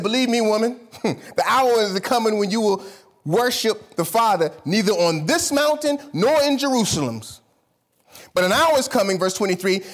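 A pastor preaching a sermon to his church, swinging from loud, high bursts down to low murmurs.

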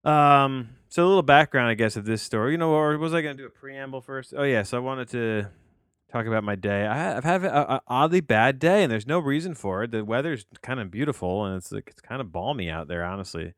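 A tired, low-energy man hosting a solo movie podcast from his home office, rambling and questioning himself as he talks. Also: fairly quick, a bit bright, clean tone, dry recording, clean studio sound. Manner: rambling, meandering, self-questioning. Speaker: podcast host and movie reviewer. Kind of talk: casual solo podcast monologue.

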